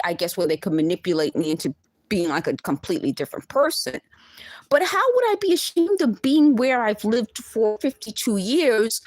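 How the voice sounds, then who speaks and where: A woman in her fifties from the Bronx, speaking in an emphatic, indignant monologue. Her pitch leaps up and swoops down as she presses her points. The sound is close and dry, with no room around it. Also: no echo. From the Bronx, New York. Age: 50s. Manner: emphatic, indignant, laughing asides. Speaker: vlogger. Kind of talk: direct-to-camera monologue.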